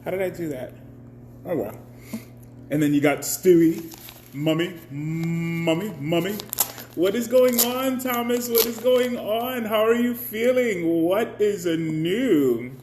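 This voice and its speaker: A man hosting a casual live stream in an easy, unhurried way, with a slightly higher than usual voice. He chats along, greets viewers one by one and laughs often. A faint noise sits under his voice. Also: expressive, a little mellow. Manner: chatty, greets viewers by name.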